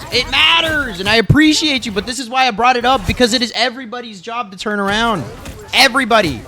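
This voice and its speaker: A man's voice: high-pitched, bright, forceful tone. A young man reviewing his own gameplay footage, insistent and emphatic, repeating himself and swearing freely. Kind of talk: gameplay video review commentary.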